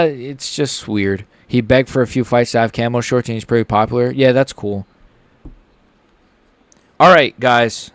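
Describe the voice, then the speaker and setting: A young man hosting a livestream, giving live fight reaction commentary in a rambling, excitable way, swearing and swinging from mumbles to shouts. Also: medium pitch, no room sound. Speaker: livestream host.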